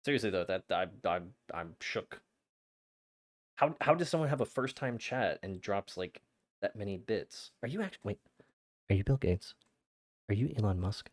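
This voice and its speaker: A young man streaming a game, chatting to his viewers in an excitable, flustered way with frequent stammers. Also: sits low. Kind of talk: casual live-stream chat.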